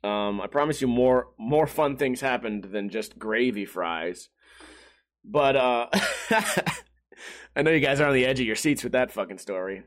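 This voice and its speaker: A man's voice: mid-range voice, normal speed. A man hosting a podcast, telling a rambling, profane, self-mocking story in a casual monologue while sweating in a hot room. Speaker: podcast host.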